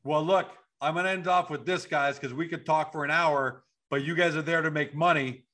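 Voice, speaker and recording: A male host runs a video-call interview from home at night, upbeat and prone to restarting his sentences. His voice sits a little high. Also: fairly even intonation, fairly quick, bright, forceful tone.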